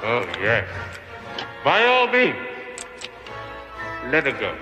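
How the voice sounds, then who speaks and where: Brief: grandiose armored supervillain, slow theatrical menace, long reverby hall, film score behind. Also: male voice, mid-range voice, huge pitch swings, lo-fi sound, music in the background. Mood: mocking.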